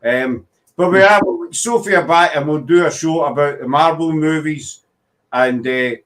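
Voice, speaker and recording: A male host chatting on a casual show, fairly high for a man. He rambles and restarts, teasing his guests. His delivery is loose and friendly. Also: unhurried, a bit bright. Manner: rambling, teasing, repeats words. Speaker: podcast host. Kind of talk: casual chat.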